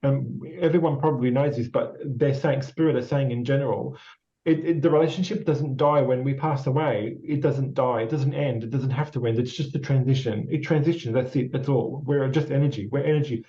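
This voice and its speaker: This Australian psychic medium speaks a little fast in a mid-range voice with a dark tone and fairly even intonation. During a casual spirit reading with a guest, he rambles encouragingly with frequent repetitions and fillers, and the lo-fi sound is slightly dull.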